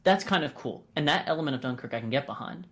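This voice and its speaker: An American man co-hosting a casual podcast, reviewing films in a lively, profane way and acting out quotes. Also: on the high side, quick pace. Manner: animated, profane, acts out quoted voices. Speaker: podcast co-host. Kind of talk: casual film review chat.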